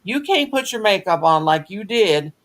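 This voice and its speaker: A woman's voice: mid-range voice, very animated, normal speed. A middle-aged woman, hosting a live crafting chat and telling folksy, blunt stories. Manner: folksy storyteller, earthy and blunt. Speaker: craft stream host. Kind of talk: casual chat on a live stream.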